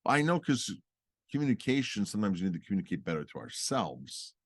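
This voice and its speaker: A man's voice: lowish voice, sing-song, brisk, no room sound, studio quality. A middle-aged man co-hosting a podcast in casual chat with his wife, teasing and playful, laughing often. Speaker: podcast co-host.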